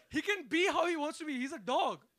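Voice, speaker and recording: Very high-pitched man doing lively stand-up. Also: moderate pace. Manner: animated, acts out characters, mixes in Hindi phrases. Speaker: stand-up comedian. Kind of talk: stand-up comedy set. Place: comedy club stage. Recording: loud crowd and noisy club.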